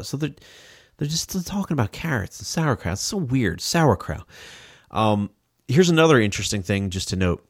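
A man hosting a podcast in casual comedic chat, animated and mock-outraged, swearing freely. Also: mid-range voice, moderate pace, dry recording, studio quality. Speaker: podcast host.

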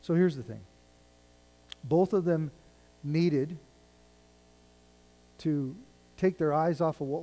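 With a dark, mid-range voice, a man preaches by reading scripture and then explaining it conversationally, his intensity building and falling. The low-quality recording carries slight background noise.

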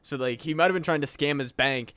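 A man co-hosting a podcast, chatting in a halting, casual way. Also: fairly high pitch, fairly bright tone, clear, resonant tone, no echo. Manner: chatty, halting, laughs mid-thought. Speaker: podcast co-host. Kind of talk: casual chat.

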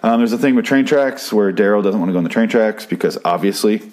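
Low-pitched man for a loose, profane episode recap vlog, rambling and exasperated. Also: fast, darkish tone. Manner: rambling, swearing, exasperated ranting. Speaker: TV show recapper.

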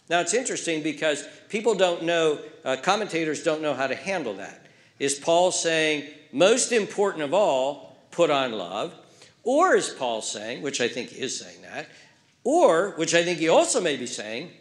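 A man preaching a sermon in a church, repeating key words for emphasis and swinging between loud, urgent phrases and hushed ones. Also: on the high side, expressive, normal speed. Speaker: pastor.

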